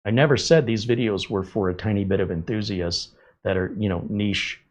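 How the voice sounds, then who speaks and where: A man's voice: fairly low pitch, moderate pace. A man hosting a live tech stream, answering viewer chat in a blunt, sarcastic way. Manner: blunt, sarcastic, lively asides. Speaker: tech show host.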